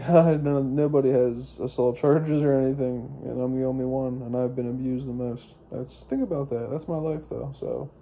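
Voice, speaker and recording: Very dark-voiced young man rambling. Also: mid-range voice, slight background noise. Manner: profane, meandering, frequent restarts and fillers. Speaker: vlogger. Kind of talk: rambling personal monologue.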